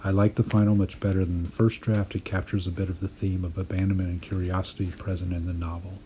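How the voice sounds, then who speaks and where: Man, writing teacher, very low voice, thoughtful measured explaining, voice-over lesson. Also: little pitch movement, warm tone, slight background noise. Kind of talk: voice-over lesson on poetry drafting.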